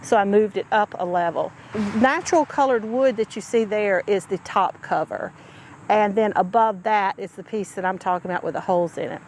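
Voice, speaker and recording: A woman's voice: medium pitch, moderate pace, darkish tone, slight background noise. A woman chatting casually outdoors on her homestead, folksy and talkative, calling her viewers y'all. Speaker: homesteading vlogger. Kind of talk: casual chat to camera.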